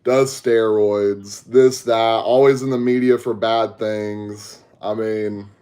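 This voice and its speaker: A man's voice: fairly low pitch, steady tone, slow, dark tone. A young man from Texas with a Southern accent, hosting a podcast livestream and chatting casually with viewers through a headset mic. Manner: laid-back, slangy, talks to chat. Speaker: podcast host.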